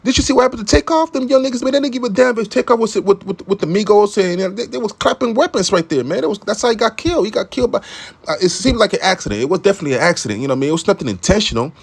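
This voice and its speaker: Young male commentator, high pitched, rambling and profane, constant "man" filler. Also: racing, gravelly, breathy edge. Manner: profane, animated street talk. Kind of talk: casual monologue commentary.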